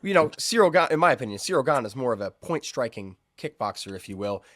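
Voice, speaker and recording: A man's voice: medium pitch, big pitch swings, fast, fairly bright tone, no room sound, studio quality. A man hosting an interview, asking friendly, upbeat questions and laughing easily. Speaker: host, interviewer. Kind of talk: casual interview.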